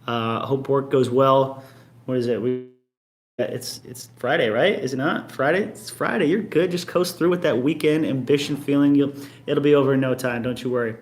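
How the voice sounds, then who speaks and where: A man's voice: medium pitch, moderate pace. A man in his early thirties, a band member hosting a casual live-stream Q&A from his apartment, rambling easily and reading out viewer comments. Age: early 30s. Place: at home in an apartment.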